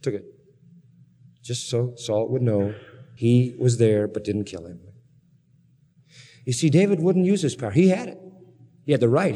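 Animated preacher man in a reverberant hall. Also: mid-range voice. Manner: animated, dramatic storytelling with rising emphasis. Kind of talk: sermon.

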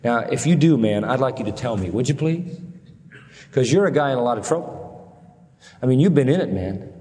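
Preacher man in a reverberant hall. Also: a little hiss or hum. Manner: animated, fast pitch jumps on questions, drops low for sad stories. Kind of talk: sermon. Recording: long reverb of a large hall.

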